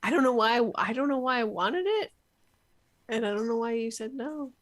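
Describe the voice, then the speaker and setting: A woman's voice: a little high, lively intonation, normal speed. A woman in her thirties, co-hosting a podcast, talking in a chatty, teasing way. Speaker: podcast co-host. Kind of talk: casual book discussion.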